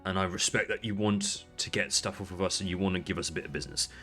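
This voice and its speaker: A man voicing a traditional male Firbolg smith who speaks quietly, in a measured and politely firm way. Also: deep voice, steady tone, soft background music. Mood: stern calm.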